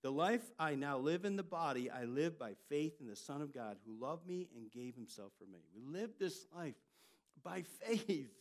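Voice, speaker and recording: An older man, a pastor, preaching a sermon and telling family stories with lively jumps in loudness. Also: a little high, moderate pace. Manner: storytelling, animated delivery with jumps in loudness.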